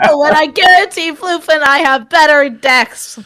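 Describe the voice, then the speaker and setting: A woman player in a tabletop game, trading quick joking banter at the table. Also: high-pitched, pushed and bright. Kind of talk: casual table chat.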